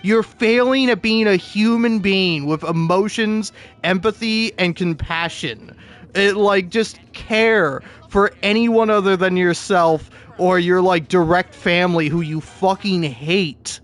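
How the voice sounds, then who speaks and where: Young male streamer with a high voice; rambling, profane, laughing rants over gameplay. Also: slow pace, a bit bright. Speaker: video game streamer. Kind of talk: casual gameplay commentary.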